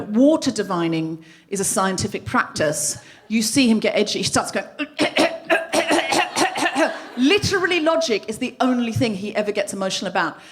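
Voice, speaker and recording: A woman hosting a podcast in front of a live audience, telling a self-mocking comic story and acting out what people said. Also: high voice. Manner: animated, self-mocking storytelling that acts out quotes. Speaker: podcast host. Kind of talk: live comedy monologue. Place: live venue stage.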